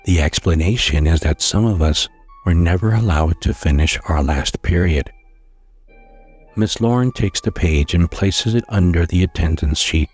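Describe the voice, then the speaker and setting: A man narrating a scary story in a slow, hushed storytelling manner, with occasional stumbles. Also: sits low, slightly rough.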